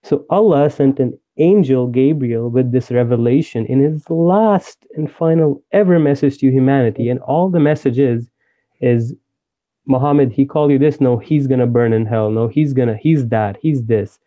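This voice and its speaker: A man's voice: mid-range voice, moderate pace. Man, podcast host, explanatory, hesitant, muffled lo-fi sound. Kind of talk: casual podcast chat. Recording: dull lo-fi audio.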